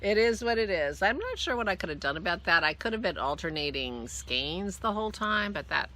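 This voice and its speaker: A woman's voice: on the low side, very animated, a little fast, sharp tone. A woman hosting a casual vlog, chatting in a rambling, easygoing way and cooing at her dog now and then. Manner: rambling and chatty, trailing off and restarting; coos affectionately to her dog. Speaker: podcast host. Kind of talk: casual chat.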